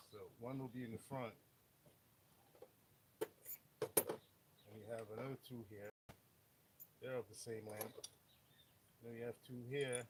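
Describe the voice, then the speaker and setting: A man's voice: mid-range voice, heavy background noise. A man streaming live as a mechanic, explaining engine work bluntly with joking asides. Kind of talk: live how-to stream, casual chat. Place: auto workshop.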